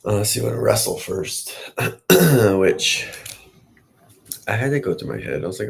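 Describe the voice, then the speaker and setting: Gravelly low-voiced man rambling to camera. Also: big pitch swings, moderate pace, long pauses. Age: late 30s. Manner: chatty, self-encouraging, wandering. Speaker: vlogger. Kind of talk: casual rambling self-talk.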